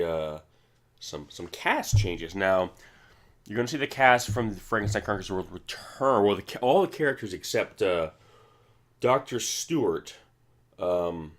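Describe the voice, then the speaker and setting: A man hosting a casual movie commentary, rambling with many restarts and fillers. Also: low voice. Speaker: film commentary host.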